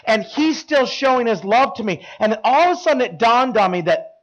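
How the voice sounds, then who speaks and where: A man's voice: extremely high pitch, animated, normal speed, fairly bright tone, highs cut off. A man preaching a sermon, telling stories in an earnest, emphatic way with frequent restarts. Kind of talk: sermon storytelling.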